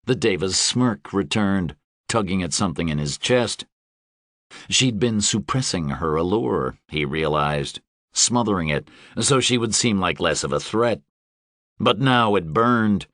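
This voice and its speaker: A male narrator reading a fantasy audiobook with a steady, even delivery. His voice sits very low, and the recording is close and dry with no room around it. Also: unhurried, no echo. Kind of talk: scripted narration.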